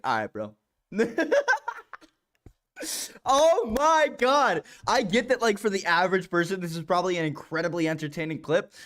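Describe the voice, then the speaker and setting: A young man talks on his stream, reacting to a video with casual commentary. He swears often and laughs in exasperation, his voice sitting a little high.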